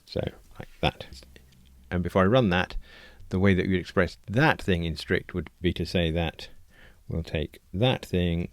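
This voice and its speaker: A low-voiced man with a gravelly edge narrates a coding screencast, thinking aloud as he explains each step. The sound is close and dry, with no room around it. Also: a little mellow, dry recording. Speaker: programming tutorial host.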